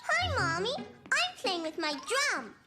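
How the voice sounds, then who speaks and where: A woman's voice: very high voice, sing-song, slow, over loud music, exaggerated voice. An actor voicing an eager, sometimes whiny four-year-old cartoon boy. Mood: childlike. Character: excited preschool boy, four years old.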